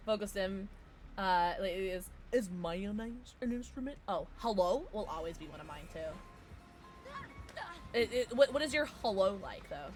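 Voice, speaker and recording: A woman's voice: mid-range voice, big pitch swings, a little slow, pauses often, faint music behind. A young woman streaming a game, chatting casually and giggly with her viewers. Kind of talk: casual gaming stream chat.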